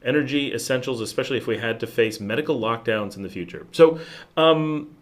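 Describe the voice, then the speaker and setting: A man's voice: mid-range voice, fairly quick. An American man hosting a casual livestream, answering viewer questions in a rambling, chatty way with many restarts. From United States. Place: home in Nicaragua.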